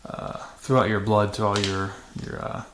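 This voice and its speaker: A man's voice: on the low side, little pitch movement, moderate pace. A man hosting a dirt bike vlog, talking casually to camera with many fillers and restarts in a matter-of-fact way. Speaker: channel host. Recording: echoey room with faint noise.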